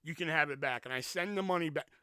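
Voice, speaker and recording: A podcast host telling a story in a rambling, profane, animated way, in a casual storytelling rant. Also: male voice, on the high side, fast talker, clean tone, dry recording. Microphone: podcast mic with pop filter.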